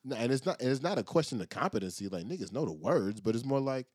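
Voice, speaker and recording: A man co-hosting a casual podcast, animated and self-mocking, laughing often. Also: mid-range voice, fast talker, husky, no room sound, clean studio sound. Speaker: podcast co-host. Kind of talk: casual chat.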